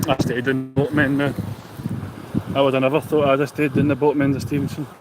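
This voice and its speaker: A man's voice: medium pitch, monotone, fast talker. A Scottish man chatting casually as a vlogger at a windy harbour, rambling and reading out viewer comments. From Scotland. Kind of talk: casual live-stream chat outdoors. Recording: loud wind noise on the mic.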